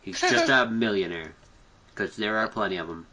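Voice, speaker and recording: A man's voice: fairly low pitch, fairly quick, bright, forceful tone. A man co-hosting a casual chat, easygoing and hesitant, often trailing off. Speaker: podcast co-host.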